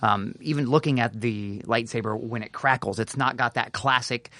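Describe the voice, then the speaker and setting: A man's voice: medium pitch, moderate pace, bright, forceful tone, dry recording. A man co-hosting a podcast in casual chat, rambling a little and restarting his sentences. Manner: rambling, restarts often, laughs easily. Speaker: podcast co-host.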